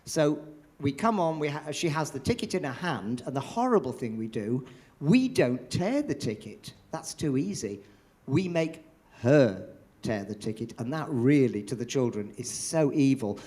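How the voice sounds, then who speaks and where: An older man, a veteran pantomime performer, tells theatre stories in an interview after a show at the theatre. He's an animated storyteller who acts out the voices he quotes, speaking at medium pitch and normal speed.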